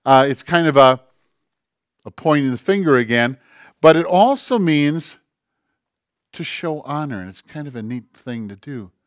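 A man preaching a conversational sermon, swinging between loud emphasis and hushed, quiet quoting. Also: fairly high pitch, animated, normal speed, pauses often, no room sound, studio quality. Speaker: pastor.

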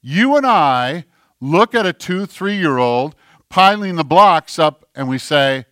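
A male pastor preaching a sermon, animated, swinging between forceful delivery and near whispers. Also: fairly high pitch, takes it slowly, no echo, clean studio sound.

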